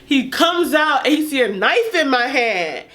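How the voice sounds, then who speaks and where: A young woman vlogger telling a casual story in an animated, profane way, laughing as she goes. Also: sits high, unhurried.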